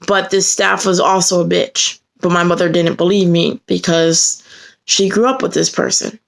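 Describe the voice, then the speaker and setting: A woman's voice: creaky, fairly bright tone. A woman telling a personal story to the camera in an earnest way. Her voice climbs sharply when she gets indignant. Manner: earnest, heated retelling that rises sharply in pitch when indignant.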